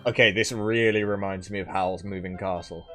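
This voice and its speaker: A man's voice: sits low, steady tone, moderate pace, a bit bright. A man streaming a game, reading tutorial text and making playful, joking asides. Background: game music.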